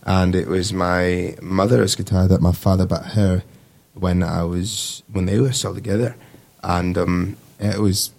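A man in his twenties with a Midwestern American accent, a Navy sailor and guitarist talking in a relaxed, rambling way in a casual interview. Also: low voice, a little slow, gravelly. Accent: Midwestern American, put-on. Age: 20s. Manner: relaxed, rambling, laughs easily.

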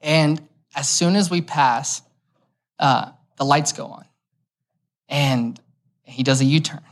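A young man with a higher-pitched voice preaches slowly and easily, as though chatting with the room. His conversational sermon shifts between explaining a passage and sharing a personal story, with touches of light humor.

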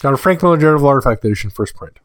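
A man's voice: mid-range voice, animated, racing, fairly bright tone, no room sound. A man hosting a solo podcast, reading a list of prices in a casual way and adding offhand asides. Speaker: podcast host.

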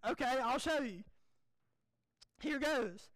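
A young man, a pastor preaching a folksy, animated, self-deprecating sermon. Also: very high voice, a little slow, no echo, low-quality recording.

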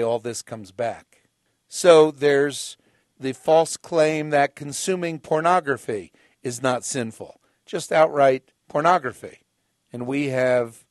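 A man's voice: medium pitch, dry recording, studio quality. A man hosting a radio show, delivering emphatic, sarcastic political and moral commentary like a sermon. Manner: emphatic, sarcastic, mimics opponents in quotes.

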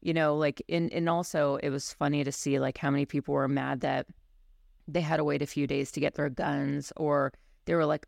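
A woman's voice: low-pitched, little pitch movement, normal speed, gravelly, a little mellow, dry recording, clean studio sound. A woman co-hosting a podcast and chatting casually about teaching firearms classes, speaking candidly and bluntly with lots of "you know.". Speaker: podcast co-host and firearms instructor.

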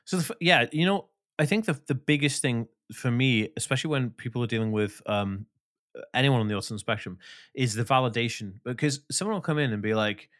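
A man talking as a podcast guest, animated and emphatic, swearing freely. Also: medium pitch, brisk. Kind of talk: casual interview talk.

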